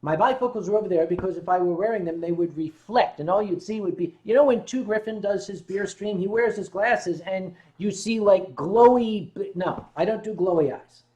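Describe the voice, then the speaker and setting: Male stream host with a high voice, playful and quick to joke, reads chat aloud. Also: a little mellow. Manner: joking, reads viewer comments aloud. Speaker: livestream host. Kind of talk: casual livestream chat.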